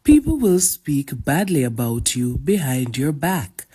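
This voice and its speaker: A Jamaican woman with a low, husky, mellow voice explains a proverb. She speaks slowly and deliberately, with a lively melody.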